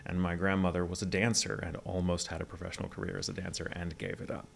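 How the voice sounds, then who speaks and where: A man's voice: low-pitched, flat delivery, vocal fry. A man in his forties from Texas with a neutral mid-Atlantic accent, telling stories articulately as an interview guest. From Texas, USA. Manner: articulate, measured storytelling. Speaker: guest, voice actor. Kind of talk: casual interview.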